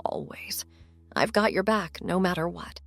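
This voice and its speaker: Woman doing a loyal protective brother, low firm voice, slightly gravelly, storybook reading. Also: measured pace, no echo, faint music behind. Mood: gentle. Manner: low, firm, then gentle. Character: protective young man, fiercely loyal brother.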